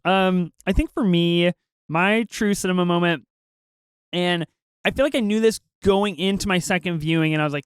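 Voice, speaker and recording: Clear-voiced man, high and dry. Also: moderate pace, no echo. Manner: enthusiastic, laughs often, frequent fillers. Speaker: podcast co-host. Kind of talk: casual film review chat.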